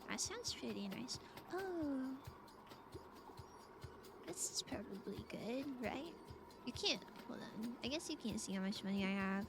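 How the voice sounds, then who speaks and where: A woman streamer chats playfully through a game, her voice high and bouncing all over the place. She giggles often and talks to her viewers in a loose, joking way. A steady hiss sits under the recording. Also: slow pace, vocal fry, long pauses. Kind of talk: casual gameplay chat.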